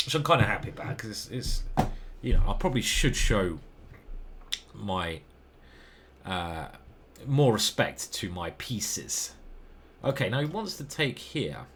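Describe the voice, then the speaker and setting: A man's voice: on the low side, sing-song, a little slow, long pauses, fairly bright tone, slight background noise. A man with an English accent commenting casually over his own chess games, rambling, self-deprecating and swearing now and then.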